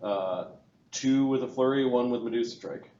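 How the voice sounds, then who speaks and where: A man running a tabletop game as game master, giving quick rulings and describing the scene with many restarts. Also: mid-range voice, warm tone. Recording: roomy, slightly dull audio with faint room noise.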